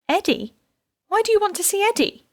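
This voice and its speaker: A frantic middle-aged mother from an audiobook, her voice pitched high and pleading, forever on the edge of a scream, as a woman reader puts her on. The recording is close and dry. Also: lively intonation, unhurried, darkish tone, no echo, exaggerated voice. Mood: anxious. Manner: shrill, pleading, breaking into screams. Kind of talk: audiobook character reading.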